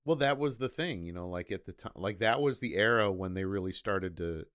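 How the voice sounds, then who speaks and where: A man's voice: deep voice, a bit bright, no echo, clean studio sound. A man co-hosting a podcast, talking eagerly about a movie, often stopping and restarting his sentences. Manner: enthusiastic, halting, lots of restarts and "like". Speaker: podcast co-host. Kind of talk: casual movie-recap chat.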